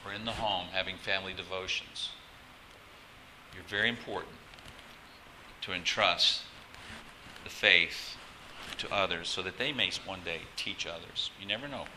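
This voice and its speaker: A man's voice: sits low, moderate pace, long pauses, noisy background. A pastor preaching a conversational sermon, often asking the congregation questions and restarting his phrases.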